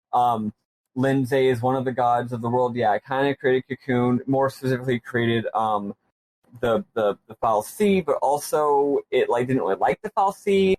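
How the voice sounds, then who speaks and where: A man's voice: medium pitch, no room sound, poor audio. A man hosting a podcast, casually recapping with enthusiastic, rambling asides and plenty of ums. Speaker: podcast host.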